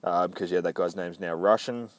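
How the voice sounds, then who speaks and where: A man's voice: low-pitched, fairly even intonation, fairly quick, dry recording. Rambling, profane man reading comics aloud. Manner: rambling, profane, self-mocking asides. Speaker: comic book vlogger. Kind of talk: casual profane comic read-through.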